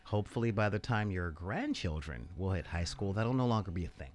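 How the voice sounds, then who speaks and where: A man's voice: sits low, big pitch swings, fairly quick, crowd noise. A young man co-hosting a casual podcast chat, rambling loosely and laughing often. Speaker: podcast co-host.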